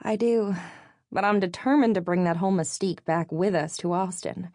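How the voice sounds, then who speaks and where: A woman's voice: on the low side, moderate pace, a little mellow, no echo, voice pushed up, lightly acted. A woman voicing a cheerful, dreamy young woman talking with her close friend in an audiobook. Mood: hopeful.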